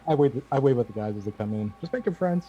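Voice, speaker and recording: A man's voice: mid-range voice, expressive, fast talker, mellow. A man playing his character in a tabletop game, speaking in an earnest, innocent way. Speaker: player. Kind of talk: in-character role-play chat. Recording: dull audio with faint hiss.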